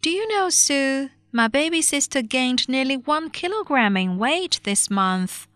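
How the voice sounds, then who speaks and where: Woman voicing a cheerful eight-year-old girl: high, eager, lively. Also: unhurried, dry recording, clean studio sound. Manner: bubbly, eager.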